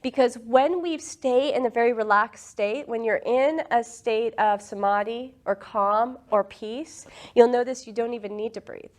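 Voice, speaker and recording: A woman teaching a group about breathing and meditation in a relaxed, chatty way, often laughing. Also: on the high side, measured pace, few pauses. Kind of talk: casual teaching talk to a group.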